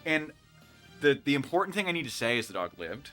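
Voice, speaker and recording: A man's voice: mid-range voice, a little fast, soft background music. A man casually telling a work story while playing a game, acting out the people in it. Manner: animated, acts out the people in his story. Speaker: co-host. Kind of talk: casual storytelling over gameplay.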